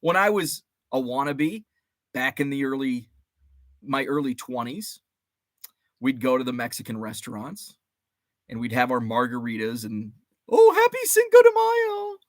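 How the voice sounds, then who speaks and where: A man's voice: medium pitch, a little slow, pauses often, fairly bright tone, dry recording, clean studio sound. A man around forty hosting a casual livestream, rambling through memories, greeting chat viewers by name and swearing mildly. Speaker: host.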